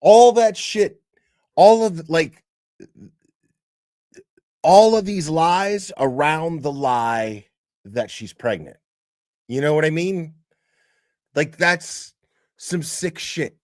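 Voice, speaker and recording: Slow, blunt, foul-mouthed male commentator. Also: fairly high pitch, darkish tone, dry recording, studio quality. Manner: blunt, swears a lot, rambling with many fillers. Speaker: commentary host. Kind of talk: casual profane reaction commentary.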